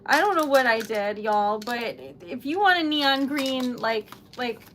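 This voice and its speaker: Girl on a craft livestream, high voice, slow and rambly, teary and giggly, flustered. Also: lively intonation, slight background noise. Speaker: livestream host. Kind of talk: casual livestream chat while crafting.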